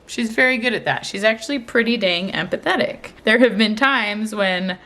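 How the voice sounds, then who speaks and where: A woman's voice: mid-range voice, moderate pace, bright, forceful tone. A young woman talks through a family vlog in a loose, chatty way. She keeps circling back with "like" and small restarts as she thinks aloud about her kids. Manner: chatty, with many fillers and restarts. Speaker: vlogger, mother. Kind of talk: casual family vlog chat.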